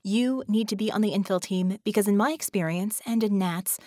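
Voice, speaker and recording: A woman's voice: mid-range voice, fairly quick, a little mellow, no echo, clean studio sound, natural voice. A woman reading the part of a blunt female team leader in an audiobook, talking in an urgent, persuasive way. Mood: brisk.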